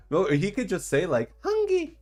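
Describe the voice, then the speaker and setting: A man hosting a casual livestream in a laid-back, slangy way that turns excited at times. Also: lowish voice. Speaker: streamer and dungeon designer.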